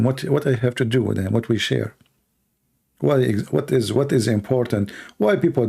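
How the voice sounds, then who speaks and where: A man answers viewers' questions on a casual live stream. His voice is dark, gravelly and worn hoarse. He talks bluntly, with sarcasm and a run of rhetorical questions. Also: medium pitch. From Middle East. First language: Arabic. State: hoarse, tired voice. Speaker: Christian apologist, host answering questions.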